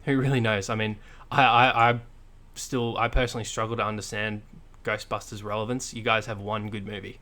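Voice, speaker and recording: A man with a fairly low voice co-hosts a casual podcast chat. He talks in a blunt, dry, sarcastic way and swears freely. He rambles, often restarting his sentences and filling gaps with ums and likes. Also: little pitch movement, fairly quick, pushed and bright. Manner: rambling and hesitant, full of fillers and restarts. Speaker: podcast co-host.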